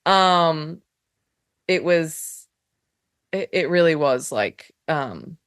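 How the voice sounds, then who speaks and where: An Australian woman talks as a guest on a podcast in a loose, rambling way. Her delivery is unhurried, lively in pitch and slightly low for a woman. The sound is close and dry. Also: no room sound. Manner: chatty, drifting, full of "like" and fillers. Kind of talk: casual podcast chat.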